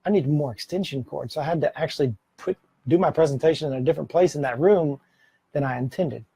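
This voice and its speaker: A middle-aged man talks to his camera about giving presentations, chatty and prone to self-corrections. His voice sits a little high yet sounds mellow, with a husky, gravelly grain. The sound is dry, with no room echo. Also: fast talker. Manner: conversational, self-correcting, occasional laughs. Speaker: presenter giving speaking tips. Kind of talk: casual instructional talk to camera. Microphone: camera mic, speaking to camera.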